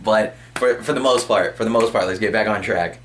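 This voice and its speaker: A young man ranting casually as a vlogger, rambling and excitable with lots of slang. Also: on the low side, fairly quick, slight background noise. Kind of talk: casual motivational rant.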